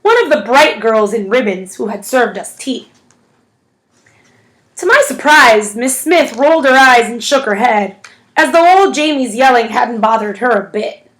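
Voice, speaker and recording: A woman narrating a novel in the first person, with an expressive storytelling manner. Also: on the high side, unhurried. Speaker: audiobook reader.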